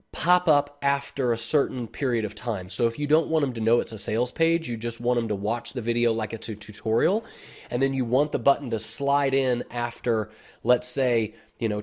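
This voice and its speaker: A man of ordinary, mid-range pitch talking through a screen-recorded software tutorial. He explains each step in a casual, easygoing way, with frequent fillers and "okay?" check-ins. The voice comes through a desktop computer mic. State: has the hiccups. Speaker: online marketing tutor.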